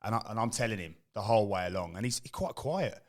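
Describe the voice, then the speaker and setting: A middle-aged English man, a former footballer, telling lively stories on a podcast and acting out the quotes. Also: lowish voice, quick pace. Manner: animated storyteller, acts out quotes. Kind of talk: casual chat.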